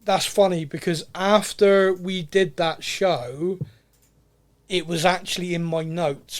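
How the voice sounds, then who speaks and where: Chatty man, higher voice. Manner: chatty, self-mocking, laughs often. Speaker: podcast host. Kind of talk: casual chat.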